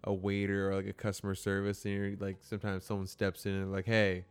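A man's voice: low-pitched, monotone, a little fast, smooth. A man chatting casually, laid-back and swearing, acting out what people said. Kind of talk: casual chat.

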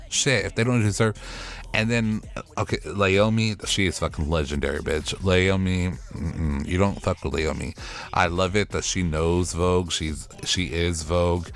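A man's voice: low voice, a little slow. A man hosting a podcast recap, ranting in a profane, sassy and exasperated way. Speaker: podcast host recapping a TV show. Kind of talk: casual solo recap rant.

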